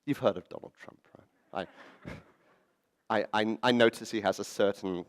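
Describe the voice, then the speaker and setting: A man giving a storytelling talk at a public event, animated and fond of acting out quoted voices. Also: fairly low pitch, moderate pace. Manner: animated, acts out quoted voices and laughs at his own stories. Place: library event hall.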